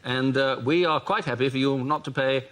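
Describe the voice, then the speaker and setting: A man's voice: medium pitch, fairly even intonation, normal speed, close to an everyday voice. A man playing a bumbling, flustered posh British prime minister in an improvised comedy sketch. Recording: loud noise and audience laughter.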